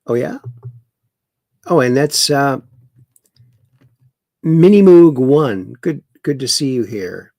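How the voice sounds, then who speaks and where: Gravelly, slow-talking livestream host. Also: male voice, medium pitch, animated, mellow, no room sound, clean studio sound. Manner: mocking, chuckling political commentary. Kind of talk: casual livestream chat reading comments.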